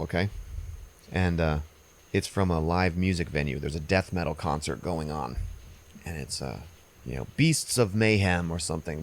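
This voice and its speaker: A man's voice: sits low, creaky. A man hosting a podcast, recapping a movie plot in a loose, rambling, casual way with some swearing. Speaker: podcast host.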